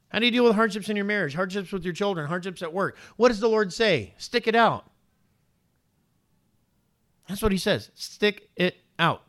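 Male pastor, sermon, rhetorical questions, slightly high voice. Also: fairly bright tone. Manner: preaching with many rhetorical questions.

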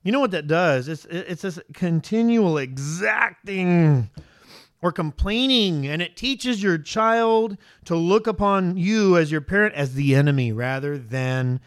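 High-voiced man preaching a lively sermon. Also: measured pace. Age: adult father. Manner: animated, full of rhetorical questions to the congregation. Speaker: pastor.

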